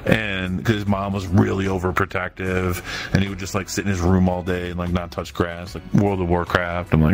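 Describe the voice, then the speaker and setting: A man's voice: deep voice, monotone, normal speed. A young man chatting on a podcast, stoned, telling rambling profane stories and laughing. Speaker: podcast host. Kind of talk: casual chat, storytelling.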